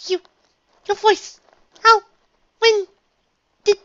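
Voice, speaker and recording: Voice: very high voice, flat delivery, very slow, pushed and bright, dry recording, voice pushed up, heavily acted. A reader voicing a refined, dramatic unicorn dressmaker mare who talks in a posh, gushing, theatrical way, on a dull lo-fi recording. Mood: stunned.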